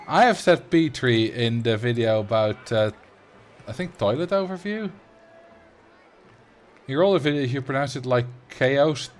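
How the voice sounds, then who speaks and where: A man with a Dutch accent whose first language is Dutch, chatting casually on a game livestream and replying to chat, laughing easily and often restarting his sentences. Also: mid-range voice. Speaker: game streamer.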